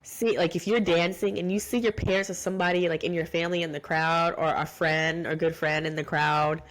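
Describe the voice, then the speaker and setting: A woman with a notably low voice hosts her own podcast. She chats through a recap in a loose, heartfelt way, peppered with fillers and restarts. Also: fairly even intonation, a little fast. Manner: chatty and heartfelt, many "like"s and restarts. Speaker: podcast host. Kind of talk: casual solo podcast recap.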